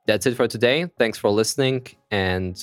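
A man with a German accent hosting a casual podcast, upbeat and halting, often repeating words as he talks. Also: on the low side, smooth, dry recording, faint music behind. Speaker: podcast host.

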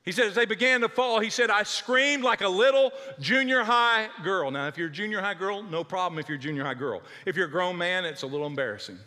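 A male pastor preaching a sermon with animated, dramatic storytelling. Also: sits high, very fast, hardly any pauses, long reverb tail.

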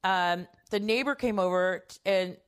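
A woman's voice: medium pitch, moderate pace, clean tone. A middle-aged woman telling a personal story in a casual, candid way, swearing freely and acting out quoted lines.

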